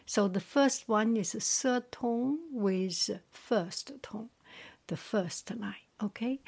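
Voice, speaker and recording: A woman teaching vocabulary in a very slow, soft voice that often drops to a whisper. She says each word twice, then gives its meaning. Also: mid-range voice, vocal fry, slightly rough. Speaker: language teacher. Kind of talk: soft whispered tone-drill lesson.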